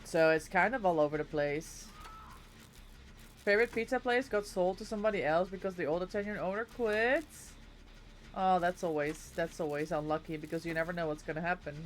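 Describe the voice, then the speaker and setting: A native Dutch speaker with a Dutch accent chats casually with viewers between game moves on a live stream. His mid-range voice is fairly quick, with slight background noise.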